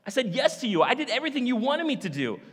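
A man's voice: on the high side, animated, moderate pace, bright, forceful tone. Brief: a distraught young woman pleading with God, acted by a male preacher, heard with long church reverb. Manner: pleading, exasperated.

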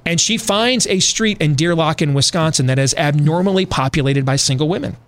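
A man's voice: on the high side, fairly quick. Emphatic male talk radio host. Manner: emphatic, addresses listeners directly. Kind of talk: opinionated commentary.

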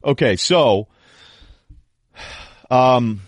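A man's voice: medium pitch, animated, drawn-out words, dry recording, clean studio sound. A man hosting a sports podcast in casual chat, hesitant and self-deprecating with wry humor. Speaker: podcast host.

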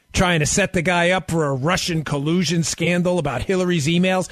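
A man's voice: on the high side, fairly quick, few pauses, no room sound. A man hosting a political talk radio show, arguing animatedly and firing rhetorical questions straight at his listeners. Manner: addresses listeners directly.

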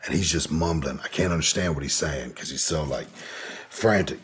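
Very deep husky-voiced man. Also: moderate pace, a bit bright. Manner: laid-back, profane, rambling with fillers. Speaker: podcast guest. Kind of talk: casual storytelling in an interview.

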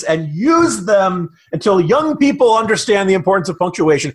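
Man, podcast co-host, high voice, animated pitch, mock-outraged rant. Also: normal speed, few pauses. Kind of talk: casual political podcast chat.

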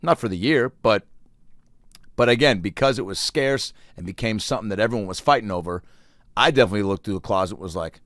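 A man telling a rambling, profane comic story in a casual monologue, breaking into loud acted-out quotes. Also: fairly low pitch, quick pace, no room sound, clean studio sound. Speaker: comedian.

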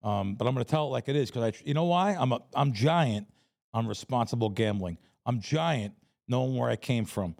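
Blunt New Yorker with a gravelly voice. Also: male voice, medium pitch, fairly quick. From New York, the Bronx. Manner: blunt, animated storytelling. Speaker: guest, professional sports bettor. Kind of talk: casual interview chat.

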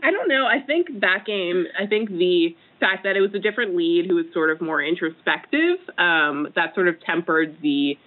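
A woman in her twenties, a games reporter, chatting casually and quoting herself with animated lifts in pitch. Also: normal speed, hardly any pauses. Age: 20s. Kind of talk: casual chat. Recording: tinny phone line.

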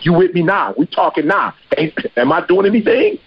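A man's voice: high voice, sing-song, brisk, slightly rough, muffled recording, exaggerated voice. A man voicing a persuasive male scorpion in a told fable, coaxing and slangy.

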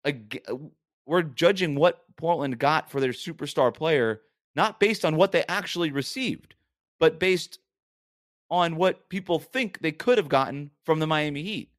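A man's voice: fairly high pitch, measured pace, no echo, studio quality. A man hosting a sports podcast, arguing his points emphatically in a casual monologue with frequent rhetorical questions.

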